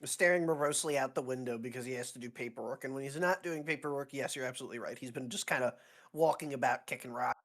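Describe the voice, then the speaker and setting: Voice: medium pitch, fast, fairly bright tone. A player with a sore throat describing a character's actions in a tabletop game, with casual, wry asides.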